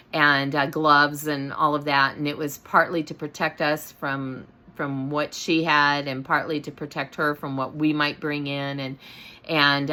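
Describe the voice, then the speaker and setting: A middle-aged woman with a low, deep voice tells a story from her own life. Her talk is casual and rambling, full of fillers and false starts. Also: pushed and bright. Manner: rambling, many fillers and restarts. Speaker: host.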